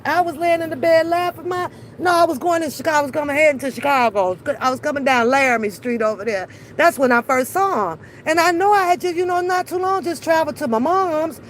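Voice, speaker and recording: Woman vlogger, high pitched, brash and profane, laughing storyteller, faint vehicle noise. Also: fairly quick, few pauses. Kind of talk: casual chat.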